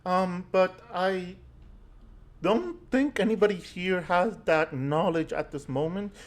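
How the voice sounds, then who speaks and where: Hesitant game master, man. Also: high-pitched. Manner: halting, many fillers. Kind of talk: narrating a tabletop game.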